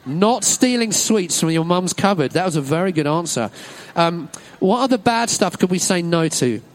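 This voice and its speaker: A man's voice: sits high, expressive, normal speed. A man leading a children's talk in a church service, upbeat and encouraging, praising every answer. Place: church hall with an audience.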